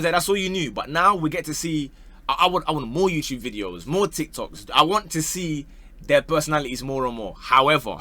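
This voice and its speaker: A man's voice: on the high side, dry recording. A young man giving casual, mocking football commentary to camera, full of slang and "bro". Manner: animated, mocking, slangy, says bro a lot. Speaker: football opinion vlogger.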